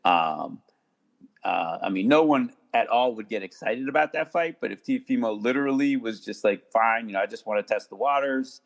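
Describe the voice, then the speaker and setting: A man talking casually as a podcast guest, halting with many restarts and fillers. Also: mid-range voice, lively intonation, creaky. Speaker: guest attorney.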